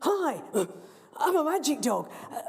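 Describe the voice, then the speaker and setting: A woman voicing a quick-thinking, scruffy male stray terrier who talks fast and bluffs his way along. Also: high-pitched, very animated, vocal fry, voice pushed up, full character voice. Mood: bluffing. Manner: chirpy, fast-talking, bluffing. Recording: long reverb of a large hall.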